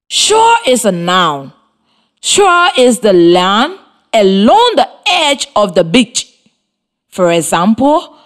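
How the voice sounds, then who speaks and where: A Liberian woman teaches young children over the radio from a studio with students present, giving slow, scripted classroom instruction. She spells out each step in an encouraging, clearly articulated teacher's manner, her pitch rising and falling in a strongly sing-song way.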